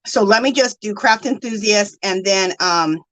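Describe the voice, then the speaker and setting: A woman's voice: mid-range voice, moderate pace, fairly bright tone, no echo, rough recording. A woman hosting a casual craft live stream, gushing thanks to viewers and counting aloud.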